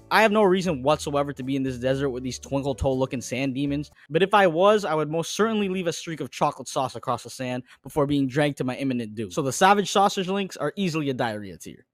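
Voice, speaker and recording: A man narrating a comedic tier list, with crude jokes and deadpan asides. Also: on the high side.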